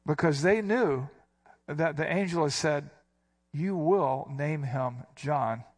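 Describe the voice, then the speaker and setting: A man delivering an expository sermon in a somewhat high voice. He walks through the passage point by point, and he hits the quoted lines with sudden emphasis. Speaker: pastor.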